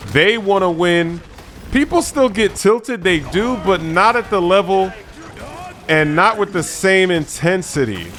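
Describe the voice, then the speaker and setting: High-voiced man commenting on gameplay. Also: slight background noise. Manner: animated, chatty, repeats for emphasis. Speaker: gaming YouTuber. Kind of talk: gameplay commentary over footage. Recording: faint background music.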